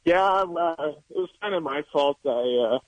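A man's voice: on the high side, normal speed, no echo, rough recording. Breathless young man on the phone. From Canada. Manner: casual, easygoing. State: out of breath from running. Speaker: guest hockey player.

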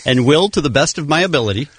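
A man's voice: on the high side, sing-song, a little fast, breathy edge, no echo. A man hosting a morning radio show, joking with co-hosts and phoning a contest winner. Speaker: radio host.

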